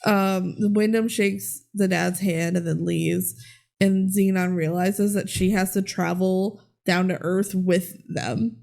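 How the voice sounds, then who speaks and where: A woman's voice: medium pitch, fairly even intonation, slow pace, creaky, a little mellow. A woman co-hosting a podcast, recapping a movie in casual chat, laughing often and swearing freely. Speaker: podcast co-host.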